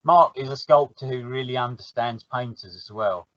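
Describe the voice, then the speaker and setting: A chatty man with a South London accent, talking at an everyday pitch. He laughs easily and slips into little acted-out exchanges as he talks. The audio is dull and lo-fi, with a very dry sound. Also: normal speed, no echo. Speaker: guest. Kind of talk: casual podcast chat.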